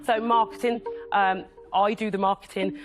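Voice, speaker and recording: A young woman pitching her business to investors, earnest and nervous, rushing her answers. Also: steady tone. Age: young adult. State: tearful.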